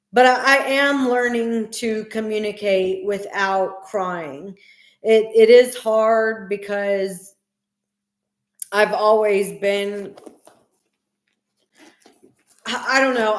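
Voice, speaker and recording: A woman in her forties hosting a casual livestream chat, soft-spoken and hesitant, often restarting her sentences. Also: medium pitch. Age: 40s. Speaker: livestream host. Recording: echoey room.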